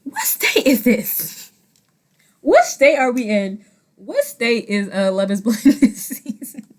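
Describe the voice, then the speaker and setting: A woman in her twenties giving blunt, profane commentary on a reality dating show, jumping between loud outbursts and quiet asides. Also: on the high side, slow pace. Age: 20s. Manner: blunt, profane and animated, swinging loud and soft. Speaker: vlogger. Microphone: own handheld mic.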